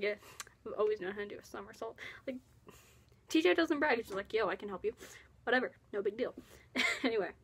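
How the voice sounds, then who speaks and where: Brief: young woman fan vlogger, higher voice with a slightly husky edge, excitable and giggly. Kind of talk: casual fan commentary.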